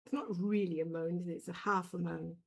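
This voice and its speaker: A woman's voice: fairly low pitch, steady tone, fairly quick, gravelly, a little mellow. A middle-aged woman on a home cross-stitch livestream, chatting bluntly and fussing over her cat. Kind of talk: casual chat while stitching. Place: home room.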